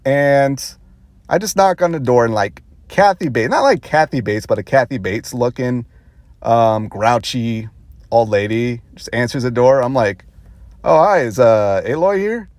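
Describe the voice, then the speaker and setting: A man's voice: mid-range voice, unhurried, no room sound. A man vlogger telling a rambling story casually, with self-conscious laughs.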